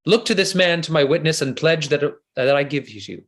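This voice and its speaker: A man's fairly high voice, at normal speed, carries the part of a flattering noble seducer in a video-call play reading. The character is insincere, and his declarations are ardent and flowery.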